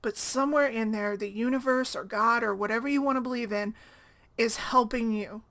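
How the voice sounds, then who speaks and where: Mom blogger, female, slightly high voice, loose conversational ramble. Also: fairly even intonation, brisk, a bit bright. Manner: rambling, conversational, keeps asking "right?". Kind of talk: casual talk to camera.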